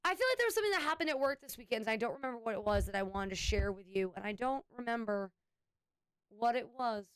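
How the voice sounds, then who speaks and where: A woman streaming from home, chatting loosely with her viewers and thanking subscribers. Her voice is smooth and clear and sits a little high. The sound is close and dry. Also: lively intonation, quick pace, dry recording. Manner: rambling, with frequent restarts and "anyway". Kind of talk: casual chat with stream viewers.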